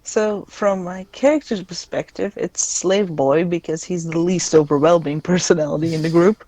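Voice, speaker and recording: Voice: medium pitch, moderate pace, mellow. Playful young adult player chatting. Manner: playful, laughs often. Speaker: guest player. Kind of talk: casual stream chat.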